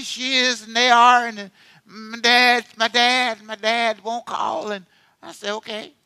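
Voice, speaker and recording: A male pastor with a fairly high voice and a very bright, sharp edge, heard close and dry with no room around him. He preaches in a loose, rambling and self-deprecating way, dropping into quiet asides and then breaking into loud bursts. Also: vocal fry, no room sound. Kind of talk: sermon.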